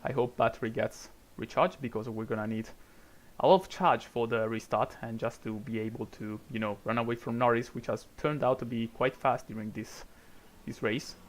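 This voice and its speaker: A man's voice: mid-range voice, normal speed, slight background noise. A young Italian man with an Italian accent, casually commentating his racing game stream in a chatty, rambling way. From Italy. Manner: chatty, rambling, frequent restarts and little laughs.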